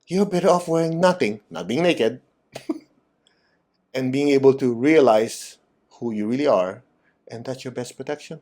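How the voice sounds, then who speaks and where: A man giving a spiritual talk and guided meditation, direct and animated, asking his listeners teasing questions. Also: medium pitch, unhurried, pauses often. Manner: animated, acts out quoted voices. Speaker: meditation teacher.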